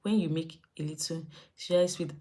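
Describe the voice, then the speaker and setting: A young woman with a Nigerian accent chatting casually on a live stream, animated and acting out her own reactions. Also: low-pitched, normal speed. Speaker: lifestyle livestreamer.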